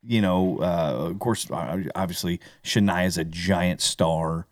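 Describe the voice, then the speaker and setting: Easygoing low-voiced male podcast host. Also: slow, no echo, clean studio sound. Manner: rambling, easygoing. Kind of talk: casual chat.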